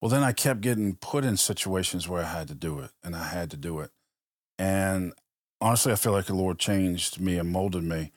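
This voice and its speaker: Deep-voiced man telling lively stories. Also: moderate pace, no echo, clean studio sound. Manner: animated storyteller acting out quoted dialogue. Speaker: podcast guest, police officer. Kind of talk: casual storytelling chat.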